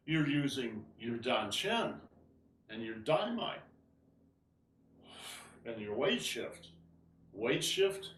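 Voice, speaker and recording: A man's voice: medium pitch, fairly bright tone, roomy sound, far from the mic. A man teaching an online tai chi class, explaining moves as he demonstrates and often asking "right?".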